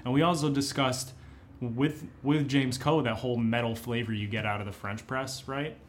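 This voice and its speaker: A man's voice: mid-range voice, steady tone, moderate pace, slight background noise. A man co-hosting a podcast, chatting casually with easygoing reactions. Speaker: podcast co-host. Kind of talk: casual chat.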